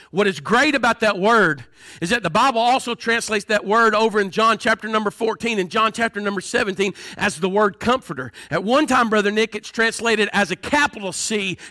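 A preacher with a high, ringing, bright voice. He delivers his sermon in a folksy, joking style and drops asides to the congregation. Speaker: pastor.

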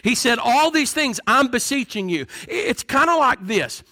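Male pastor, high bright voice, folksy conversational sermon. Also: expressive, normal speed. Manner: folksy, conversational preaching with humor and asides.

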